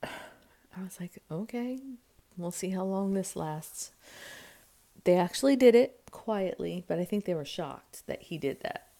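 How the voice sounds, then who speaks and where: An American mother in her thirties, animated and speaking a little slowly, vlogs to her camera at home. Her casual talk wanders through a family story, with quoted lines acted out through jumps in pitch and loudness, recorded indoors on the camera mic.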